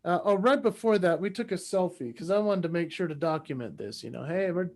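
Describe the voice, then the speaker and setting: A man in his forties, a podcast guest, telling an animated personal story and acting out the voices in it. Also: high-pitched, a little fast. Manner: acts out voices in his stories.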